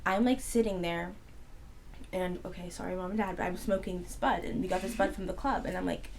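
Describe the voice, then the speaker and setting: A young adult woman co-hosting a podcast, telling a long story in casual chat, rambling and animated with constant "like" fillers. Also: lowish voice, brisk, vocal fry, a little hiss or hum. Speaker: podcast co-host.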